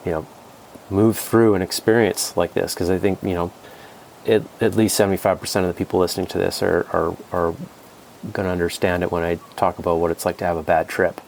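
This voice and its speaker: A man's voice: low voice, level tone, a little fast, gravelly, darkish tone, a little hiss or hum. A man speaking as a podcast guest and coach, rambling and repeating words in casual conversation. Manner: rambling, repeats words, acts out quoted voices.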